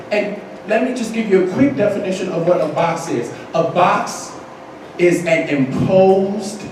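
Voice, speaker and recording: Male motivational speaker, high voice, dramatic storyteller, booming echo of a big hall, mic far off. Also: slight background noise. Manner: animated, dramatic storytelling with bursts of shouting. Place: large hall at a conference.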